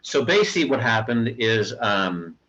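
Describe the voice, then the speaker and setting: A man in casual podcast talk who gives blunt opinions and keeps breaking off with ums and restarts. His voice sits at a middling pitch for a man. The audio is muffled and lo-fi. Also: sing-song, moderate pace, a bit bright. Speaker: podcast co-host. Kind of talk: casual conversation about comics. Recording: dull lo-fi audio.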